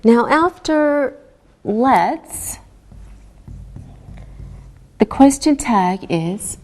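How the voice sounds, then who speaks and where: Female English teacher, slow and deliberate, lively sing-song pitch, mellow timbre. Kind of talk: scripted grammar lesson.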